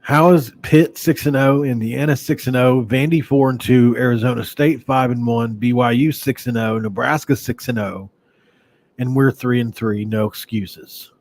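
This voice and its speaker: A man's voice: medium pitch, fairly even intonation, moderate pace, a little mellow. A man from West Virginia hosting a casual sports podcast, rambling conversationally with sighs and restarts. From Mingo County, West Virginia, USA.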